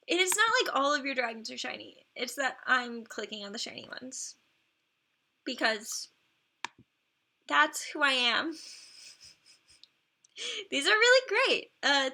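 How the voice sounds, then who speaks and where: A woman's voice: sits high, big pitch swings, unhurried, pauses often, sharp tone, slight background noise. A woman streamer in casual live-stream commentary, chatty and effusive, gushing praise and laughing often between remarks.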